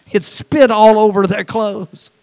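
A man preaching a sermon, telling folksy, humorous stories and laughing at them, swinging from animated to quiet and soft for emphasis. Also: high-pitched, slow, creaky. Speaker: pastor.

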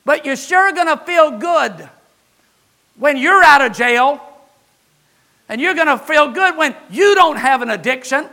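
A man preaching a sermon as pastor, older, with impassioned delivery that rises to shouts on key words. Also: extremely high pitch, animated, a little slow, long pauses.

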